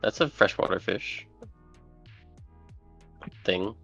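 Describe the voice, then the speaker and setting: Very deep, gravelly man chatting casually. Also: slow, fairly bright tone, no room sound. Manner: jokey, laughs often, trails off mid-sentence. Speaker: podcast co-host. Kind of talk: casual chat. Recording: dull lo-fi sound, faint music.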